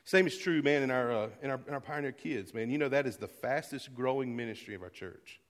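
Pastor, male, mid-pitched voice, earnest sermon delivery that swings from soft to loud, reverberant church hall. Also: a little fast. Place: church sanctuary.

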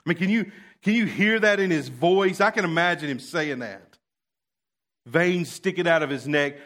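A man preaching a sermon, dropping to quiet asides and then rising to loud, fervent passages. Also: on the high side, lively intonation, normal speed. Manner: swings from hushed asides to loud impassioned preaching.

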